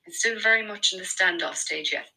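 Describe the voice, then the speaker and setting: A woman's voice: mid-range voice, brisk, vocal fry, bright, forceful tone, rough recording. A woman doing a coy, bubbly Irish girlfriend. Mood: chatty.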